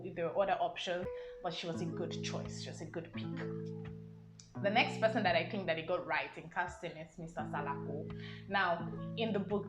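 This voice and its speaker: A young woman with a Nigerian accent chatting casually as she reviews a film, rambling with "um" and "I mean" asides. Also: on the low side. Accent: Nigerian English. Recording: roomy sound with music behind.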